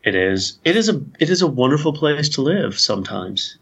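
A man's voice: fairly high pitch, big pitch swings, normal speed, a bit bright, slightly rough, dull audio. A man chatting casually, responding in an easygoing way and laughing often. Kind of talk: casual chat.

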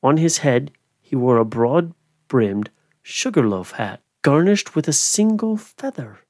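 Male podcast host, unhurried dramatic reading of a Victorian ghost story, very animated pitch. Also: no room sound, clean studio sound. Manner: slow, expressive storytelling.

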